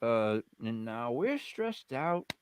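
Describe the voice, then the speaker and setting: Animated, playful man co-hosting a live show. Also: medium pitch, slow, slight background noise. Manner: playful, jokey, rattles off names with emphatic bursts. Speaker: podcast co-host. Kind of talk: casual live-stream banter.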